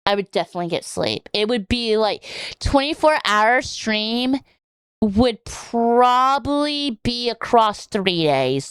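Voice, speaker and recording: A woman's voice: medium pitch, fairly bright tone, clear, resonant tone, no room sound, clean studio sound. A woman streamer chatting casually on a reaction stream, rambling and joking, swearing now and then, with a scratchy throat.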